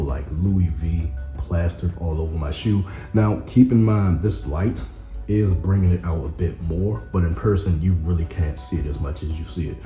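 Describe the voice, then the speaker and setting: Man, low voice, mellow dark tone, casual sneaker review, echoey room, faint background music. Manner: relaxed, rambling, lots of fillers. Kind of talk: casual product review vlog. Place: indoor room with camera. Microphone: camera mic.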